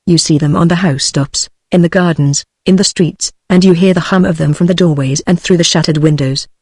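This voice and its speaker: A woman's voice: on the low side, breathy edge, no room sound. British text-to-speech woman narrating. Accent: British English. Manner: even, measured machine reading. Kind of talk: synthetic audiobook narration.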